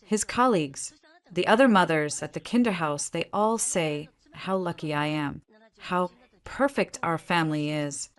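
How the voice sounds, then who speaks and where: A woman's voice: on the low side, a little slow, natural voice. A woman voicing an anxious, self-doubting young wife in a story reading, speaking in a tense, pleading, self-reproaching way. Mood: distressed.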